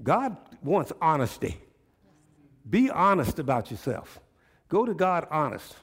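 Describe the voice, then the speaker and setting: A man's voice: a little high, big pitch swings, unhurried, husky. A man preaching a sermon as pastor in front of his church congregation, folksy and conversational, often asking the listeners rhetorical questions.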